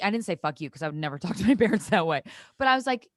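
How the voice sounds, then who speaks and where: A woman's voice: mid-range voice, very fast, no room sound, clean studio sound. A woman, a podcast guest in casual chat, telling stories with lots of swearing and acting out what others said. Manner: animated storytelling, acts out quoted voices, swears freely.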